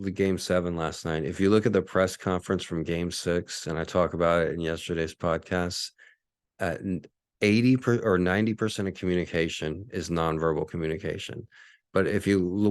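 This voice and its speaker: A man with a very low, deep voice talks through a casual solo podcast from his apartment. He rambles and swears, circling back with fillers and restarts. The sound is close and dry. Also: clean tone, dry recording. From Hawaii. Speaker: podcast host.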